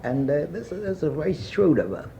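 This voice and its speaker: An older man being interviewed, telling a long personal anecdote in a rambling way with many pauses and fillers. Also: fairly high pitch, big pitch swings, dark tone, a little hiss or hum. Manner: rambling anecdotal, frequent "uh" and asides. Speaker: interviewee recalling his past. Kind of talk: oral history storytelling. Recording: muffled archival tape.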